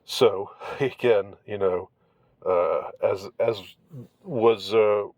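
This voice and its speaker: A man with a low voice talks through an article in casual, wry commentary. He rambles and halts, restarting his sentences often. The sound is dry and close. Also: darkish tone, no room sound, muffled recording. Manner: rambling, halting, many restarts.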